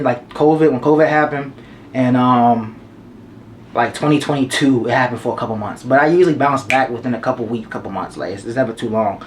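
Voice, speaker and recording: A man in his twenties gives life advice straight to the camera, casual and slangy, repeating his points for emphasis. His voice is fairly high, with a little hiss or hum in the recording.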